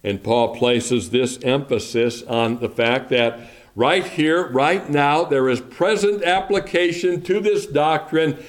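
A man preaching a sermon to his congregation, speaking deliberately and building emphasis through repetition. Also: a little high. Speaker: pastor.

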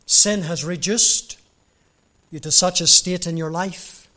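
Fervent slow-preaching man. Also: sits high. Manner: fervent, rising to loud emphatic passages. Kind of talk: evangelistic sermon.

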